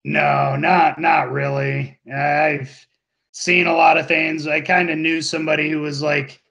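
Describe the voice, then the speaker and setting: A man hosting a casual podcast chat, talking in a relaxed, hesitant way. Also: on the high side, measured pace, creaky, dull audio, a faint crowd. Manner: relaxed, hesitant, with many restarts.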